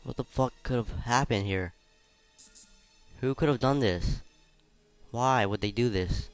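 Excitable, foul-mouthed man commenting on gameplay. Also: medium pitch, measured pace, clean tone, faint music behind. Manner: swears freely, reacts loudly and excitedly to the game; reads game dialogue aloud in between remarks. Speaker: let's player.

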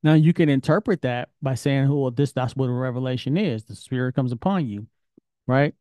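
Man, Torah teacher, casual lesson, mellow voice, dry close sound. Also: mid-range voice, a little fast, no room sound. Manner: conversational, questioning, colloquial. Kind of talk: informal Bible study lesson.

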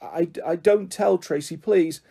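Man doing a shy mumbly little orphan boy from a storybook, soft and husky. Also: fairly high pitch, lively intonation, moderate pace. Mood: timid. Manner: meek, mumbling. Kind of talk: storybook character reading.

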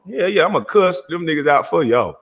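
On his own show, a husky, Southern-twanged host rants with loud animation, swearing and laughing as he goes. His voice is a little high, swings widely in pitch and moves fairly quick, echoing with long reverb.

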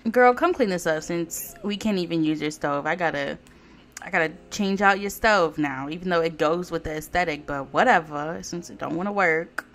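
A woman giving casual let's-play commentary on a life-sim game, animated, laughing often, swearing and talking straight to viewers. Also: fairly low pitch, normal speed. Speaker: Sims gameplay YouTuber.

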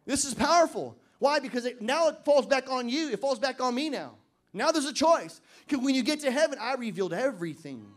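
A man with a very high voice preaching to his church. He swings from loud emphatic declarations to quiet joking asides, and he slows right down to read scripture with weight. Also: animated. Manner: reads scripture slowly and deliberately. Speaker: pastor. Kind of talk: sermon. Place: church service.

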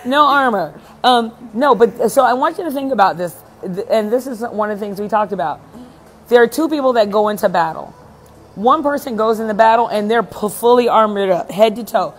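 A woman's voice: a little high, brisk. A woman hosting a casual live chat with viewers, talking in a blunt, emphatic way and swearing freely. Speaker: event host and speaker.

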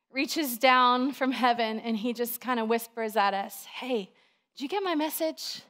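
Animated woman pastor, smooth voice. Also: on the high side. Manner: chatty, animated storytelling with filler words. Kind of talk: sermon.

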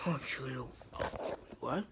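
A woman's voice: very deep voice, expressive, very slow, gravelly, fairly bright tone, breathy edge, soft background music. A woman performing a brash, profane comedy skit, switching between characters.

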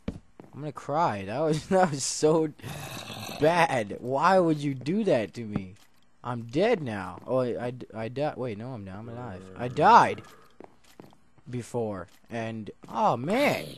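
Excitable young man gaming. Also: mid-range voice, a little hiss or hum. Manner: excitable, yelps and groans at the game. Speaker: gaming channel host. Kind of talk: let's play commentary.

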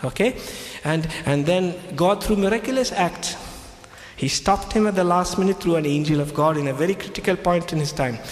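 A man lectures as a Christian speaker in a somewhat high voice, hammering on key phrases by repeating them. His English has non-native phrasing. The sound carries a long, roomy hall echo with faint ambience behind it. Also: normal speed. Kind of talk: lecture retelling scripture.

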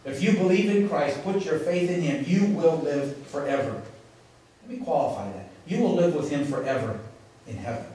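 A man preaches with emphasis and dramatic pauses, his voice sitting a little high. He is picked up from a distance in a church, and the sound rings with heavy echo. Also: expressive, warm tone. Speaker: pastor. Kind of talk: sermon. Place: church sanctuary. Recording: echoey, from far off in a large room.

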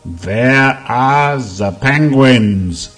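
A man voicing bad-tempered, bullying male polar bears who growl and roar slowly. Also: medium pitch, expressive, fairly bright tone, faint music behind, pitched above the performer's own voice, exaggerated voice. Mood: angry. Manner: slow roaring and growling.

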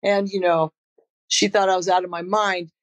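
A woman's voice: on the low side, little pitch movement, normal speed. A woman in her sixties, a guest musician on a podcast, talking casually with plenty of fillers, restarts and laughter. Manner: laid-back, laughs often, frequent fillers and restarts. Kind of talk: casual interview storytelling.

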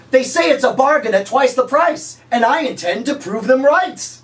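A man putting on an over-the-top, scheming male infomercial pitchman who draws out his words and shouts his sales lines, recorded from a distance. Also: heavily acted. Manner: booming, drawn-out sales shouting.

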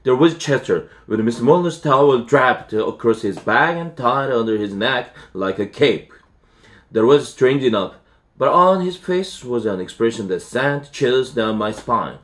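A man's voice: mid-range voice, expressive, a bit bright. Man reading a storybook aloud. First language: Korean. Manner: unhurried, with self-corrections and fillers. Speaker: English teacher. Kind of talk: reading a children's novel aloud.

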